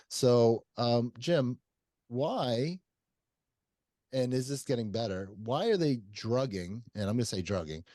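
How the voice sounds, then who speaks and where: A man hosting an interview podcast, his voice sitting at an ordinary middle pitch. He tells stories in a loose, rambling way, with bursts of laughter and casual swearing. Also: darkish tone, dry recording. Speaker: podcast host.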